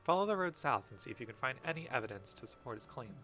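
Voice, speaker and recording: A man's voice: mid-range voice, very animated, fast talker, pushed and bright, faint music behind. A man reading as a stern stable master.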